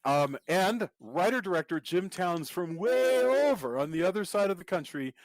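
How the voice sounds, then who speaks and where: A man's voice: sits high, animated, normal speed, no room sound. A man from Texas hosting a casual podcast chat, rambling and stammering as he corrects himself. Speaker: podcast host.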